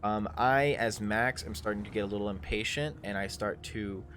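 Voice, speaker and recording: A man runs a tabletop game on a live stream and narrates in a lowish voice. He talks casually and haltingly, stopping often for ums and uhs. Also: fairly bright tone, a little hiss or hum. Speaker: game master.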